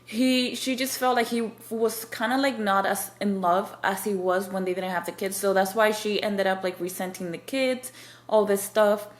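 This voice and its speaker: A woman's voice: mid-range voice, fairly even intonation, moderate pace. A woman casually recapping a novel's plot for viewers, rambling with lots of fillers and restarts and acting out the characters' lines. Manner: acts out characters' quoted lines. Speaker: book reviewer. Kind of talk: casual spoilery book recap.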